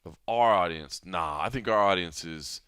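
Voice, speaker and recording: A man's voice: sits low, normal speed, clear, resonant tone, no room sound, clean studio sound. A middle-aged man hosting a podcast, chatting casually and joking with his co-host. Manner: lively, jokey banter. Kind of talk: casual chat.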